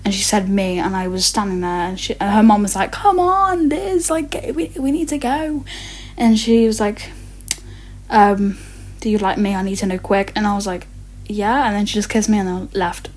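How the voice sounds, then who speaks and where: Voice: medium pitch, little pitch movement, brisk, darkish tone. A teenager telling stories in a rambling rant, swearing often and stumbling over many fillers and restarts. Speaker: vlogger. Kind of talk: ranting storytime.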